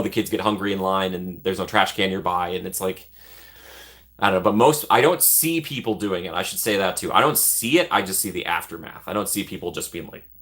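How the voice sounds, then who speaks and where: Young male vlogger, casual and rambling, low pitch but bright tone, quick to laugh at himself. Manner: rambling, self-deprecating, laughs often. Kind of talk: casual chat.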